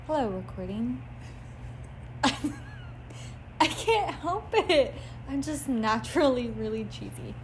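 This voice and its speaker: Slow, giggly woman podcast host. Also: high-pitched, expressive, a little hiss or hum. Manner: laughs often, playful and self-mocking. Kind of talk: casual chat.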